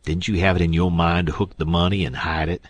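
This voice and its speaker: A man's voice: deep voice, flat delivery, a little fast, no room sound. A man voicing an older male swindler who drawls and wheedles. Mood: sly.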